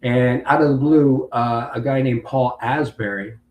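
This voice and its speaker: A man's voice: mid-range voice, fairly even intonation, unhurried, lo-fi sound. Storytelling man in a roomy space. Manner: long-winded storyteller who acts out other people's lines. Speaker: interview guest, Marine veteran. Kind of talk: casual storytelling interview. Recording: roomy with faint background hum.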